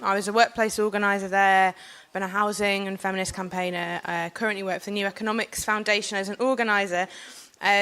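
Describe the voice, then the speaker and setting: A young woman, speaking on a panel while nursing a cold, earnest and forceful, with frequent "um"s. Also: medium pitch. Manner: earnest, forceful, with filler ums. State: has a cold. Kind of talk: impassioned public speech.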